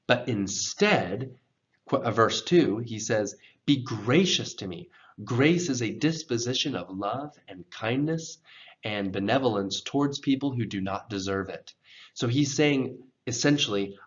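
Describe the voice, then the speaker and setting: A man teaching English pronunciation, explaining slowly and reading scripture lines aloud with expressive intonation as examples. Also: mid-range voice, dull audio.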